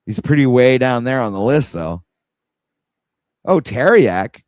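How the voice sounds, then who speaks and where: A man's voice: mid-range voice, lively intonation, measured pace, darkish tone, no room sound. A man hosting a casual livestream, rambling in an exasperated way and talking to his viewers while he scrolls. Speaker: livestream host.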